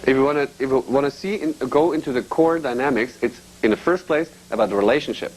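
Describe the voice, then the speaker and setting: A man's voice: mid-range voice, fast talker, a little hiss or hum, low-quality recording. A man teaching an astrology class to a group, explaining step by step and often checking in with a questioning "yeah?".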